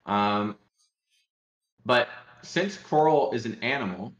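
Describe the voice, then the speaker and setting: A man's voice: mid-range voice, expressive, slow, fairly bright tone, reverberant, muffled recording. A man from Alabama, a guest educator, chatting casually on a podcast in a rambling, joking way with lots of fillers and restarts.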